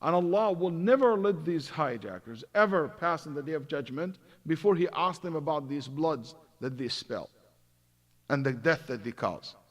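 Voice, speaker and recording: A man's voice: on the high side, lively intonation, normal speed. Man lecturing in a reverberant hall. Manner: tells stories acting out both sides, swings from loud to hushed. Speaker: imam giving a Quran commentary class. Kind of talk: religious lecture with storytelling.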